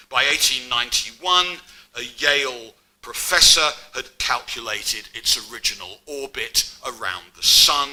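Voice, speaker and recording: A man's voice: mid-range voice, a little slow, bright, forceful tone, low-quality recording. A middle-aged man giving an academic public lecture, mixing scholarly narration with wry asides.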